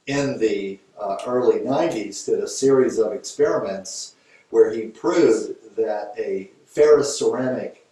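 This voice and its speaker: Male teacher, conversational storyteller, boomy echoing hall, picked up from a distance. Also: darkish tone. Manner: conversational, storytelling, fillers and restarts. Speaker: Thai yoga teacher. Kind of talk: informal lecture with a case story. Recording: very echoey room, voice from a distance.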